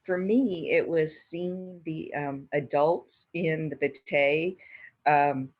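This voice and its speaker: A mission team member answering an interview question hesitantly, with many pauses and ums. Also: mid-range voice. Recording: tinny phone-like sound.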